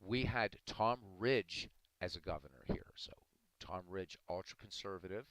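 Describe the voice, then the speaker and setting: Male streamer, very low voice, dry close mic, earnest and argumentative with viewers. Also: normal speed, fairly bright tone, no room sound, rough recording. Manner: earnest, argumentative, addressing chat by name. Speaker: livestream host talking to chat. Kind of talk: casual live-stream commentary.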